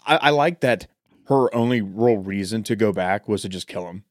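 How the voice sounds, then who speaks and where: A man with a Southern American country drawl chats on a podcast in a lowish voice, recorded close and dry with no room around it. He talks loosely and swears freely, with jokes and loud mock voices thrown in. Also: moderate pace, dry recording. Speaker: podcast co-host. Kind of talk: casual chat.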